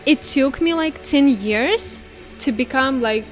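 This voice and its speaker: A young woman from Ukraine with a Ukrainian accent, chatting as a podcast guest, animated and searching for words. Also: high-pitched, slow pace, faint music behind. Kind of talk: casual conversation.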